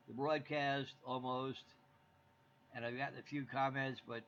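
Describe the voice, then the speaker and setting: A man's voice: medium pitch, little pitch movement, a little slow, a bit bright. A man from the United States hosting a live stream, chatting to viewers in a rambling, jokey way. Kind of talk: casual chat to viewers. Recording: dull lo-fi stream audio with faint hiss.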